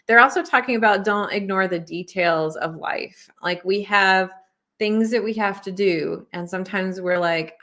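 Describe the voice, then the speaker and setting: A woman's voice: mid-range voice, moderate pace, sharp tone. Reassuring woman reading oracle cards. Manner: friendly, reassuring, conversational with many fillers. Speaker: intuitive oracle card reader and spiritual teacher. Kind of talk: casual oracle card reading to viewers.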